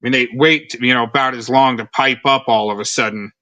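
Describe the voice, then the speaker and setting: A man's voice: mid-range voice, steady tone, brisk, bright, forceful tone. A man hosting a livestream, ranting in a sarcastic, rambling, scornful way as he comments on a recording. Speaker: livestream host.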